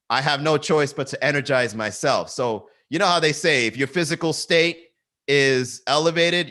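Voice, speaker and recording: Riffing at a camera from his garage, a male comedian runs a casual solo livestream chat and cracks himself up with his own jokes. He speaks in a medium pitch with a bright, forceful tone.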